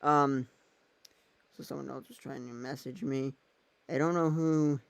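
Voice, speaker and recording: Smooth-voiced man rambling casually. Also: mid-range voice, fairly even intonation, measured pace, no room sound. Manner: thinks aloud while using his phone and laptop, meandering. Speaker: vlogger.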